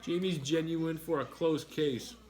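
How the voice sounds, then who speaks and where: A man's voice: fairly high pitch, steady tone, unhurried, darkish tone. A man chatting casually while eating on a mukbang stream, blunt and argumentative, swearing freely.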